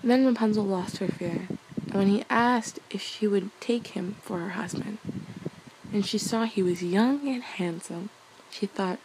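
A young woman reading a fairy tale aloud as a bedtime story, softly and casually, laughing at her own slips. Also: mid-range voice, unhurried, noisy background.

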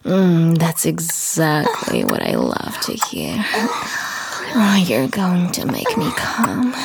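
Woman, adult audio role-play, breathy, bossy and teasing, loud hiss behind her. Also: deep voice, huge pitch swings, extremely slow. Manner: commanding, teasing, breathy moaning.

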